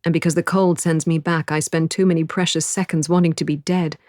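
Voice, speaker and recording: A woman narrating a first-person audiobook in a measured, intimate way. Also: low voice, fairly even intonation, darkish tone, no echo, studio quality.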